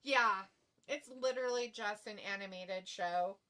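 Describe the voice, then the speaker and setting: A woman's voice: mid-range voice, a little slow, bright, forceful tone. A woman co-hosting a live watch-along stream, chatting bluntly and reading chat messages aloud.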